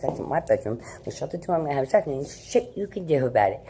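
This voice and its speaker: A bratty young woman sneers back at her mother in a mocking, defiant tone, as her mother puts her on. The voice sits a little higher than the mother's own talk, and steady hiss runs under the noisy home recording. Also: quick pace. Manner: taunting, defiant.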